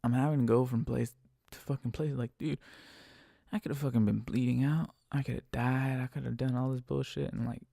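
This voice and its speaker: A young man with a gravelly, dark voice rants bluntly about his rideshare passengers, full of swearing. The sound is close and dry, with no room around it. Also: mid-range voice, fairly even intonation, moderate pace, no echo. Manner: profane, blunt, ranting. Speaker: rideshare driver. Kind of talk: casual podcast monologue.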